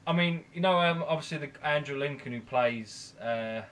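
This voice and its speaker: A man's voice: fairly high pitch, normal speed, a crowd in the background. A man hosting a live stream, bantering casually and joking with playful swearing. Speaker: live show host.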